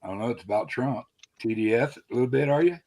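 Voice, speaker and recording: A man arguing in a casual chat, gruff and swearing, cutting in on the others. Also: medium pitch, fast, warm tone. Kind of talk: heated political argument.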